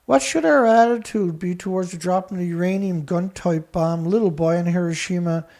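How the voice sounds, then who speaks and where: Mellow-voiced man reading documents with scornful asides. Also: sits high. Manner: reads dense text haltingly, breaks in with scornful asides to an absent critic. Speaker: show host. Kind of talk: reading documents aloud with commentary.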